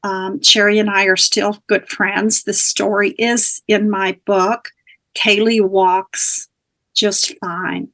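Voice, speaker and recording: A woman's voice: mid-range voice, little pitch movement, slow, fairly bright tone. A woman guest, a spiritual teacher, earnestly telling a personal story in conversation, with small restarts.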